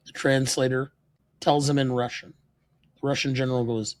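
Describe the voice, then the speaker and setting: A man's voice: medium pitch, level tone, normal speed, pauses often, no echo. A man with a mid-range voice reads film lines and casually retells scenes on a podcast. His voice is close-miked and dry. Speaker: podcast co-host.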